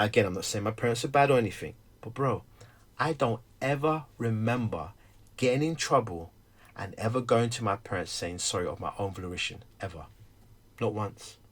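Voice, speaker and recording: Animated storytelling man, lively pitch. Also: slightly rough. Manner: animated storyteller, acts out dialogue. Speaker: stay-at-home dad. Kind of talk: candid conversation.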